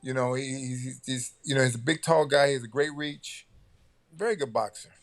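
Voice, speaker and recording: Fast-talking older man boxing coach. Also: mid-range voice, soft background music. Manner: rambling, repeats words, laughs often. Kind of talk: casual talk show chat.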